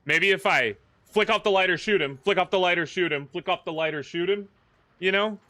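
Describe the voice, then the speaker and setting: A man's voice: high voice, brisk, sharp tone, no echo. A man hosting a gaming livestream, chatting casually and joking with the game characters as he plays. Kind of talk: casual live commentary.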